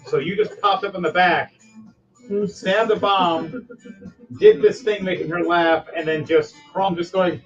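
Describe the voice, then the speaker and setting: Excitable, rambling male game master. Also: a little high, a little slow. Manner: excitable, rambling narration with many fillers. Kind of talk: narrating a tabletop game. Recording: dull lo-fi sound, faint music.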